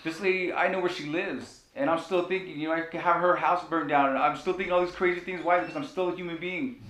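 A man's voice: steady tone, fast talker, a bit bright. A male pastor preaching a sermon, telling a personal story with passion and repeating key phrases. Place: church sanctuary. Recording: echoey church room with faint rumble.

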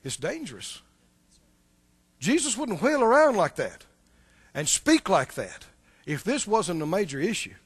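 A man's voice: high-pitched, big pitch swings, unhurried, pauses often, slightly rough, dry recording. A man preaching a sermon, emphatic and repetitive, speaking directly to the congregation. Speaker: pastor.

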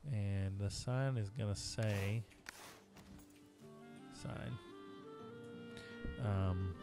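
A man's voice: lowish voice, fairly even intonation, drawn-out words. A man streaming a video game live, chatting casually with viewers as he plays. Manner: chatty, talking to chat while playing. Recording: music playing behind.

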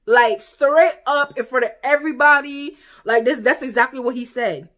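Young american woman doing a storytime vlog, kinda high voice, super animated, acts out everybody's lines. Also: normal speed. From United States. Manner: animated, quotes people in exaggerated voices. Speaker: vlogger. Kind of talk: casual storytime.

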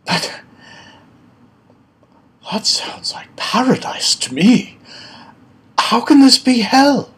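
A precious, pompous wine snob, put on by a man telling a joke. He speaks in an affected, drawn-out way that leaps up high in pitch, with a slightly husky edge. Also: very animated, a little mellow, full character voice. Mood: astonished. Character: pompous male wine snob, fussy and refined.

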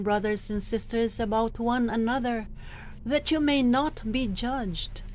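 A woman with a Filipino accent who coaches lectors, reading scripture slowly and with deliberate emphasis between her tips. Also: on the high side, darkish tone. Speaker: lector trainer. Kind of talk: teaching and modeling scripture reading.

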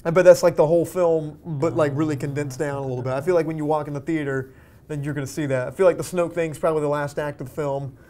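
An eager, chatty man hosts a relaxed movie chat. His voice sits a little high for a man. He keeps the conversation moving and turns questions over to his co-hosts. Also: quick pace. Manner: eager, chatty, steers the discussion. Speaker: podcast host.

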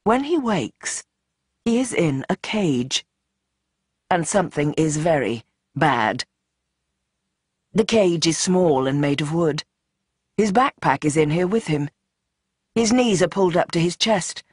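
Audiobook narrator with a tense, dramatic read and shifting pace; mid-pitched, dry close sound. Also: animated, unhurried, long pauses, husky, no echo. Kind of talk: scripted narration.

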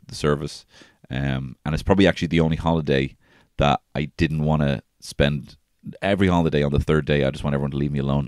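A podcast host in his thirties delivers casual solo storytelling about his life, meandering, swearing and restarting often. His very deep voice is clear, resonant and slightly mellow, heard in clean studio sound with no room tone.

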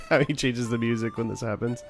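A man's voice: mid-range voice, steady tone, normal speed. Giggly, playful man on a game stream. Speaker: streamer, co-host. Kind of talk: casual gaming stream chat.

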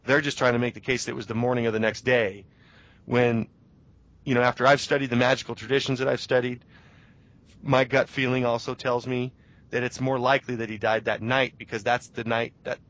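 Male journalist guest, earnest rambler, mid pitch, dull lo-fi line. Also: a bit bright. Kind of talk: radio interview. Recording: dull lo-fi radio audio.

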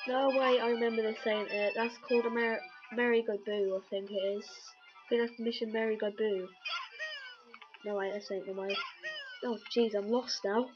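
A woman rambles through casual let's-play commentary, cracking jokes as she goes. Her voice sits a little on the high side. The recording is muffled and lo-fi, with loud game music running underneath. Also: steady tone, moderate pace. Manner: chatty, jokey, rambling. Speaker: gameplay commentator. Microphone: webcam or computer mic.

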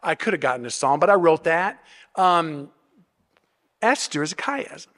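Man pastor, sermon, high voice, teaching tone, restarts often, long church reverb. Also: animated, a little slow, fairly bright tone. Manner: teaching, explanatory, uses rhetorical questions; frequent restarts and repeated words. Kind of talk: expository sermon. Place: church sanctuary.

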